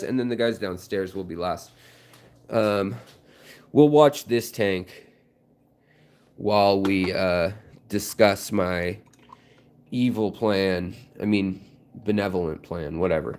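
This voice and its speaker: A man with a slightly low voice talks casually to his camera about fish keeping, rambling and joking with plenty of fillers. He speaks from his home fish room beside the tanks, picked up by the camera's mic. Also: a little mellow. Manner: rambling, jokey, lots of fillers. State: out of breath. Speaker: aquarium channel host.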